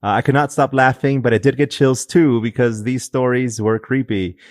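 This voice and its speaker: Male podcast co-host, mid-pitch, relaxed and jokey, dry studio sound. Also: normal speed, dry recording. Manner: easygoing, laughs a lot. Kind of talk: casual chat, reading listener comments.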